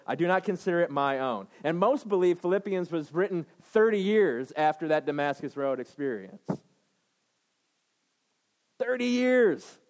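Speaking in a high, slightly mellow voice, a thirty-something pastor delivers a sermon to his congregation. He hammers points home by repeating phrases and asking "right?" along the way.

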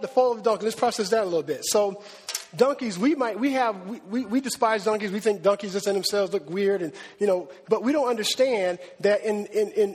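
A man preaching a sermon with animated, emphatic delivery, repeating words for stress. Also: sits high, husky. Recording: long hall reverb.

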